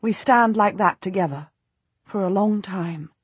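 A woman narrating a historical novel in the first person, with measured, expressive storytelling. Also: mid-range voice, husky, dry recording. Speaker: audiobook narrator.

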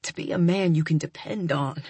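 A woman voicing a gruff, guilt-ridden grown man who is a tender lover, speaking slowly, quietly and intensely. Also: dry recording. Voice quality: gruff, low and husky. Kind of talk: audiobook narration.

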